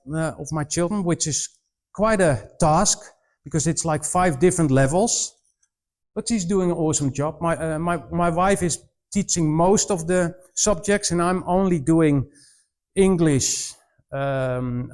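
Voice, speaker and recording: Man, Dutch accent, non-native English, somewhat high voice, joking anecdotes, restarts often. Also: darkish tone. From Netherlands. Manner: jokey anecdotal storytelling with frequent restarts. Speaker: missionary speaker. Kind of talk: humorous presentation to students.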